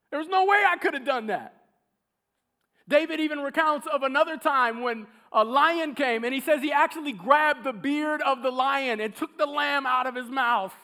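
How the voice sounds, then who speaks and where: A man preaching a sermon, telling a story with animated, acted-out quotes. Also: very high-pitched, normal speed.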